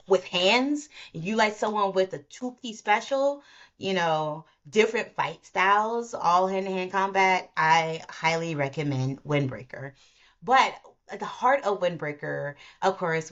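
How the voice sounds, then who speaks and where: A woman with a notably low voice hosts a casual solo podcast. She talks in a chatty, rambling way and often stops to correct herself mid-thought. The recording sounds slightly dull and lo-fi. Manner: chatty and rambling, self-interrupting. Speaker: podcast host.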